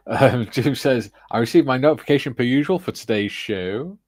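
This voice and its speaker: A man's voice: mid-range voice, lively intonation, unhurried, a little mellow, no room sound. A man hosting a casual livestream, reading viewers' chat messages aloud and chatting with his panel. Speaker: livestream host.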